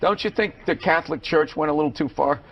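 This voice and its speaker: A man's voice: fairly high pitch, fast, creaky. Sarcastic man guest on a lo-fi broadcast. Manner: joking, deflecting, sarcastic. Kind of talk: TV interview banter. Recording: dull lo-fi broadcast audio.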